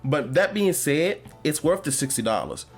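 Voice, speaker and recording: A man's voice: fairly high pitch, normal speed, breathy edge, soft background music. Rambling man chatting about games. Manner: rambling, animated, many fillers and restarts. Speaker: podcast host. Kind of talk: casual gaming chat.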